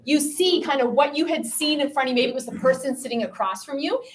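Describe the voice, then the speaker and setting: A woman from Canada giving a lecture to a student audience, chatty and lively, often asking the listeners questions. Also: high-pitched, fast talker. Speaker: pro-life speaker. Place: room with a piano and a live audience.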